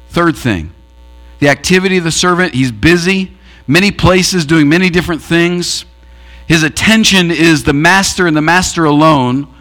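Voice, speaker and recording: A man's voice: a little high, a bit bright. A man preaching a sermon, earnestly telling a parable and acting out its quoted voices. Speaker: pastor.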